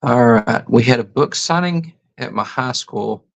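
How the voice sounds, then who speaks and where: A man's voice: medium pitch, lively intonation, measured pace, vocal fry, lo-fi sound. A man hosting a casual livestream, reading chat comments aloud and musing over them. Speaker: host.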